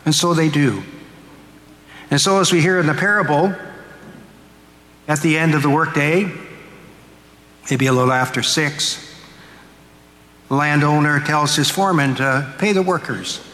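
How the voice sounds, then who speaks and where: A man's voice: fairly high pitch, a little slow, pauses often, pushed and bright. A male pastor preaching a homily, retelling a parable in a storytelling way and acting out its speakers. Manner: storytelling, acts out quotes. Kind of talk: sermon. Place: church. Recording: echoey church hall, faint ambience.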